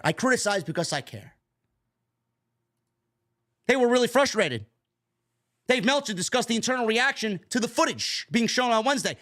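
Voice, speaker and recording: A profane, exasperated man ranting. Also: a bit bright. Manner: mimics others in high sarcastic voices. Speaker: wrestling commentary host. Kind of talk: ranting commentary stream.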